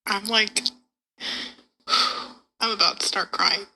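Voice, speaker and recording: Bright-voiced excitable young woman. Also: medium pitch, slow pace, poor audio. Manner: excitable, swears a lot, gushes over the story. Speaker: podcast co-host. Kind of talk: casual chat about a book.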